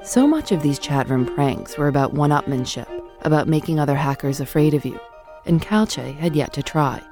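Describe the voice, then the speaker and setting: A woman hosting a podcast, narrating in a measured way and asking questions. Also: low voice, animated, music in the background. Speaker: podcast host. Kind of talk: scripted narration and interviewing.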